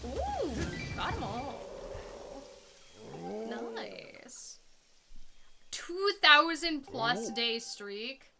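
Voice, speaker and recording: Young woman streamer, casual chatter, lively pitch, game music behind. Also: drawn-out words, creaky, pauses often. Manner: chatty, filler-heavy, rambling. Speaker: speedrunner streaming. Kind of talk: casual chat while playing a game.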